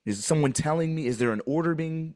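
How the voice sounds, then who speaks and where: A man's voice: on the high side, fast, darkish tone. A man questioning an officer in a deposition, pointed and pressing, repeating his questions.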